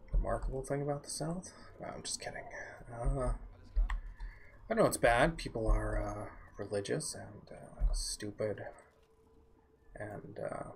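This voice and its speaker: A young man from the American South giving halting, offhand commentary while streaming a game. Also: fairly low pitch, vocal fry, slight background noise. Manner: halting, musing, offhand remarks. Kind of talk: casual gameplay commentary.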